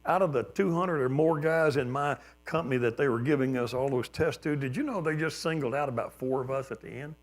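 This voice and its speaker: An older man with a drawl preaches from the pulpit in a relaxed, folksy storytelling way. He acts out the people he quotes, jumping louder for some of them. A faint mains hum sits under the church recording. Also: medium pitch, a little fast, few pauses. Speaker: pastor. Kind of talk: sermon with personal stories. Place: church sanctuary.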